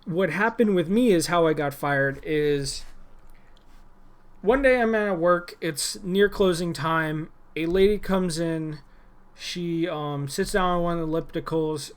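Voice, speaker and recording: Young man, casual vlog rant, irritated and rambling, voice slightly higher than usual. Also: clean tone. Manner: rambling and irritated, many restarts and fillers. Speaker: former gym employee.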